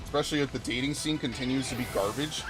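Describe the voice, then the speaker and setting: A man's voice: medium pitch, fast. A man giving profane, ranting let's-play commentary while reacting to chat comments. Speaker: gaming YouTuber. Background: game music.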